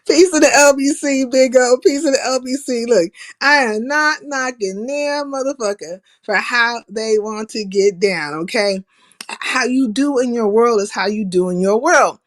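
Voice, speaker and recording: Woman streamer, slightly high voice, blunt and profane, keeps breaking into laughter while she talks. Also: normal speed. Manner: blunt, profane, laughs at her own jokes. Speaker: live stream host. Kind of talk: casual opinionated monologue.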